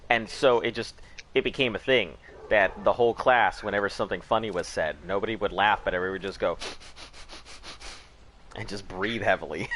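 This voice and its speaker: A man's voice: fairly low pitch, a little fast, fairly bright tone, slight background noise. A man hosting a game live stream, chatting casually and rambling, laughing at his own jokes. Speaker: gaming live-stream host.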